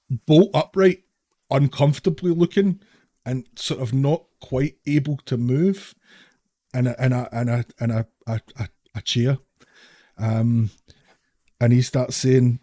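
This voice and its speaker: A man's voice: mid-range voice, warm tone, no room sound, studio quality. Man narrating as game master. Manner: stumbling, repeats words while narrating. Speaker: dungeon master.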